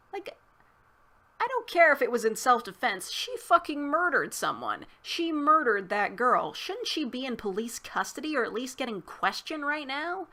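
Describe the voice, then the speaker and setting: A woman's voice: on the high side, pushed and bright. A woman recapping and reviewing a movie in a casual, rambling way, heavy on "like" and swearing. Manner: rambling, profane, filler-heavy.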